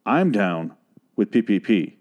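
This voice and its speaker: A man's voice: fairly low pitch, very animated, slow pace, darkish tone, highs cut off. A man hosting a podcast, recapping a TV episode in a rambling, sarcastic, profane way. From Phoenix, Arizona, USA. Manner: rambling, sarcastic, swears a lot. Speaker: podcast host.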